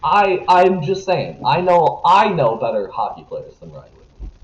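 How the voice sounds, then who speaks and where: A young man rants about sports on a casual podcast, his voice jumping all over the place from muttered complaints to sudden yelling. His pitch sits a little high. The audio is dull and echoey, as if from a bare room. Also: unhurried. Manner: animated, profane, jumps between grumbling and shouting. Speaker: podcast co-host.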